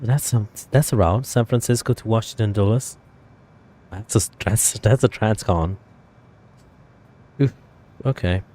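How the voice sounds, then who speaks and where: A man chats casually with his stream audience, thinking aloud and correcting himself as he goes. His voice sits somewhat low, with a warm, mellow, unhurried sound. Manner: thinking aloud, rambling with fillers and self-corrections. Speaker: flight sim streamer. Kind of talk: casual live-stream chat.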